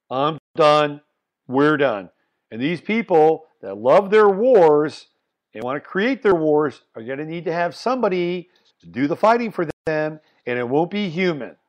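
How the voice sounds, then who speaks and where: A man hosting a solo commentary podcast, talking bluntly and swinging between loud emphasis and muttered asides. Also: fairly high pitch. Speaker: podcast host.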